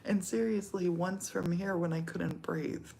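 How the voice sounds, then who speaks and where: A woman's voice: on the low side, steady tone, a little slow, vocal fry, darkish tone, a little hiss or hum. A middle-aged woman from the United States chatting casually, laughing often and slipping into whispers. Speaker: vlogger. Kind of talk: casual chat.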